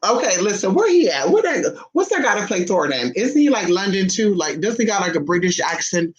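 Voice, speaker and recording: A woman vlogger in casual chat to camera, sassy and chatty, calling her listeners honey and swinging her voice between high and low. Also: very animated, a little fast, hardly any pauses, highs cut off.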